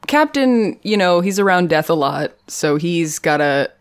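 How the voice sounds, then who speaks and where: A woman with a low voice talks through a TV episode with a friend. She is chatty and animated and laughs often, as in a relaxed podcast chat. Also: measured pace. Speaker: podcast co-host. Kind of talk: casual chat recapping a TV episode.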